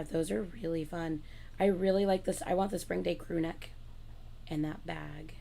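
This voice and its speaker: A woman hosting a casual livestream, chatting excitedly and laughing loudly between lines. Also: low voice, vocal fry, slight background noise. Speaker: livestream host.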